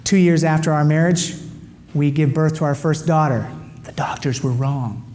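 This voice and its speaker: A middle-aged man giving an animated storytelling testimony, his voice leaping up with excitement as he acts out dialogue. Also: on the high side, moderate pace, faint music behind. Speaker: speaker giving a personal testimony.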